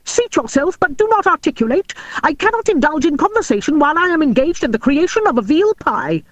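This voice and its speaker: Woman doing a squeaky, abrupt old dwarf cook. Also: sing-song, dry recording. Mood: brusque. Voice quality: crisp, squeaky. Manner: brisk, pompous wording.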